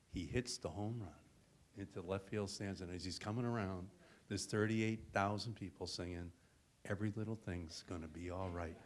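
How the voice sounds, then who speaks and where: A man on a panel at a hotel event, earnestly recalling a moment and building it up with repetition. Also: on the low side. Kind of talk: reminiscing at a panel discussion.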